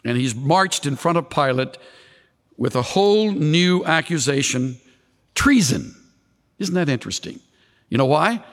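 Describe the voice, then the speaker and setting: A male preacher giving an expository sermon, animated, with dramatic swings of voice when he quotes. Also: normal speed, big-room sound. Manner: animated, dramatic shifts in pitch when quoting.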